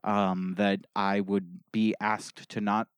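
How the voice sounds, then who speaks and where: An actor playing a gruff, defensive middle-aged man who drinks and makes threats, heard over a video call. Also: fairly low pitch, flat delivery, slow, no room sound. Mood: sheepish. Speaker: improv comedy guest.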